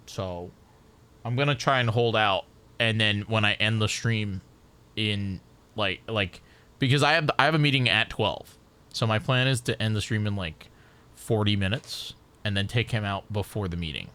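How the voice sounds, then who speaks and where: Male streamer, loose rambling talk full of restarts, bright and crisp. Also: fairly low pitch, normal speed. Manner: rambling, stacks repeated restarts. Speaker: game streamer. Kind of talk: casual live-stream chat.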